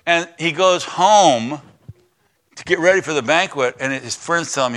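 A male pastor preaching a sermon, retelling a story in lively plain words, swinging from loud exclamations to hushed emphasis. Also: on the high side, measured pace.

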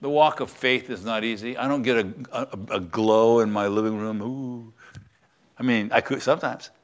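An older pastor preaches in a relaxed, conversational way, often turning to the listeners with questions. His voice sits at an ordinary middle pitch for a man. He is an American man teaching a Bible lesson to his congregation. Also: normal speed. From United States. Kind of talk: sermon.

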